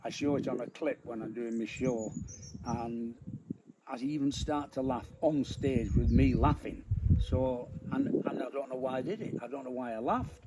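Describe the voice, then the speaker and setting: Older comic telling old stories, laughing a lot, doing voices, middle pitch, noisy recording. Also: male voice, normal speed. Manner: animated, laughs through his stories, acts out voices. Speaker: interview guest, comedian. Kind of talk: anecdotal storytelling. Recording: noisy background.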